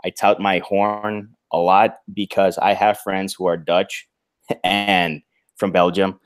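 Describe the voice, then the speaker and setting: A man who is bilingual in English and Spanish, speaking as a guest author in a casual video-call chat. He has a naturally loud voice and talks in an animated, halting way, with many restarts and chuckles. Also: sits low.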